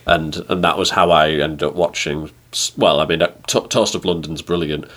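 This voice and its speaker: A man with a deep, low voice co-hosting a podcast. He jokes in a dry, teasing way during casual banter. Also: fairly even intonation, normal speed, a bit bright. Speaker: podcast co-host.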